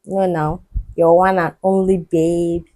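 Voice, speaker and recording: A woman's voice: lowish voice, flat delivery, slow pace, mellow. A woman co-hosting a podcast in casual chat, playful and teasing. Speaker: podcast co-host.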